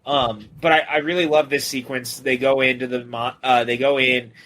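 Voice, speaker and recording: A man's voice: mid-range voice, fairly even intonation, moderate pace, fairly bright tone, a little hiss or hum. A man co-hosting a casual film podcast, joking and swearing casually as he teases his co-host.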